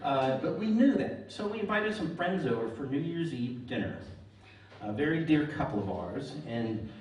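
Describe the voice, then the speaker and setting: This middle-aged comedian speaks in a mid-range, somewhat dark voice, expressive and at a normal pace, as he delivers dryly told stories capped with puns. He performs stand-up on the stage of a big hall before a live crowd, and the recording is echoey and distant, full of audience laughter.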